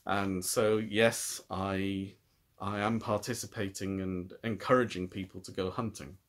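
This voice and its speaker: A man's voice: deep voice, steady tone, unhurried. A British man hosting a knitting podcast, talking in a thoughtful, rambling way with frequent restarts. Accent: British English. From United Kingdom. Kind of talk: casual chat.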